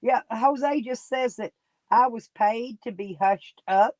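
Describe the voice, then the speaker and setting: A woman's voice: a little high, takes it slowly, darkish tone, no echo. A woman, sniffly and coughing, chatting casually and folksily with viewers on a live stream. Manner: folksy, rambling, talks straight to chat by name.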